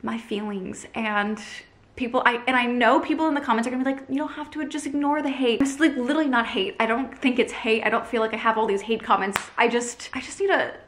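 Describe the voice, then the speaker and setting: A woman's voice: on the high side, fast, fairly bright tone. A young Canadian woman with a Canadian accent, venting to her vlog audience in an upset, apologetic and exasperated way, full of fillers and restarts. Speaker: vlogger. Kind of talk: emotional direct-to-camera rant.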